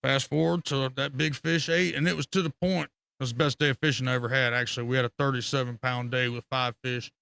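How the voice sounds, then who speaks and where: Guy rambling thru fishing stories on stream, cussing a lot, gravelly bright voice, dry close mic. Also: mid-range voice, quick pace, few pauses, dry recording. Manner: rambling, profane, animated storytelling with laughter. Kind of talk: casual storytelling on a live stream.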